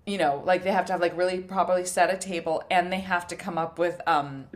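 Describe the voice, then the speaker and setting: A young woman with a slightly low voice co-hosts a food podcast in easygoing chat. She tells animated stories, swears freely and laughs often. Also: fairly quick. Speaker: podcast co-host. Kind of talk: casual chat.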